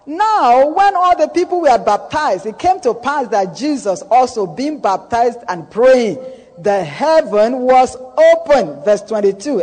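A man's voice: extremely high pitch, sing-song, a little slow, darkish tone, in a large hall, poor audio. A man preaching a sermon, emphatic and repetitive, calling on the congregation to answer. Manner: emphatic, repeats key phrases, calls for congregation response.

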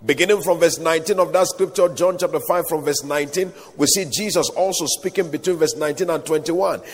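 A man's voice: a little high, a little fast, in a large hall. A man preaching a sermon, quoting scripture in old-style wording and calling on the crowd to say amen. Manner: preaching with calls for amen and King James quotations.

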